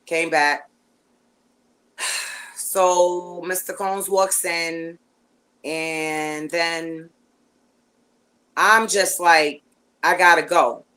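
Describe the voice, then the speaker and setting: A woman guest telling a long story in casual chat, animated and rambling, with lots of fillers and restarts. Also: fairly low pitch, very slow, long pauses, smooth, rough recording.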